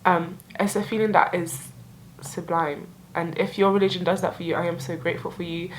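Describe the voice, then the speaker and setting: A woman's voice: lowish voice, flat delivery, fairly quick, slight background noise, poor audio. Young female vlogger, sincere and emotional, loose chatty delivery with many likes. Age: young adult. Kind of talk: reflective year-end vlog.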